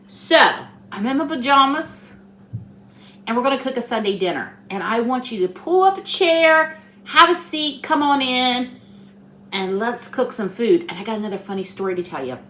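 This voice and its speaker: A woman's voice: fairly high pitch, animated, normal speed, bright, forceful tone, echoey room, slight background noise. Chatty woman in her kitchen. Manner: rambling, storytelling, talkative. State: tired. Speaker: cooking channel host. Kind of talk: chatty home cooking vlog. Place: home kitchen.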